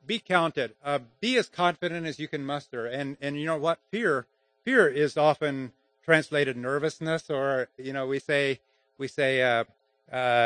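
A man teaching grammar and public speaking in an informal lesson, halting and restarting often, with chuckles between points. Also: on the high side, a bit bright, dry recording.

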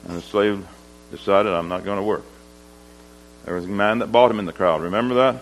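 Homespun man preaching a halting story sermon. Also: fairly low pitch, slight background noise, poor audio. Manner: halting and homespun, with many pauses and um's, slowing down for weight. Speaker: lay preacher. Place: livestock auction barn.

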